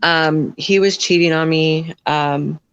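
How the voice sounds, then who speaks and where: A woman, a podcast guest, telling a hard personal story in a frank, blunt way, with many fillers and quick voice shifts when she quotes others. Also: low voice, steady tone, clear, resonant tone, no room sound, dull audio.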